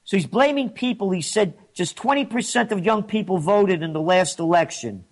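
A man's voice: high voice, animated, normal speed. A man hosting an opinion commentary, indignant and mocking, his voice rising when he gets riled. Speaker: host.

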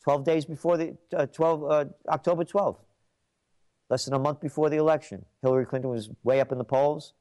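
A man's voice: fairly high pitch, fairly even intonation, a little fast, warm tone. An older man hosting a trends commentary show, delivering an opinionated monologue with emphatic, repetitive declarations.

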